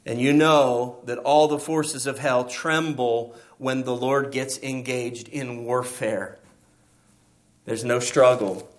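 A man's voice: medium pitch, steady tone, slow. A man preaching a sermon as pastor, emphatic and asking his listeners rhetorical questions.

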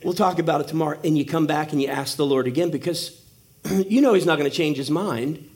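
High-voiced man preaching with humor. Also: fairly quick, a little mellow. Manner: humorous storytelling, acting out voices. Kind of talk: sermon.

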